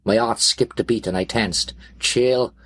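A man's voice: on the low side, steady tone, moderate pace, a bit bright, slightly rough, no echo. A man narrating a gritty first-person crime story in a tense, expletive-laden style. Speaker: audiobook narrator.

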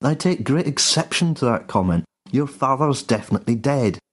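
A man's voice: medium pitch, animated, moderate pace, slightly rough, pitched above the performer's own voice. A man voicing a pompous, easily offended hitman in a comic story. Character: pompous touchy male hitman.

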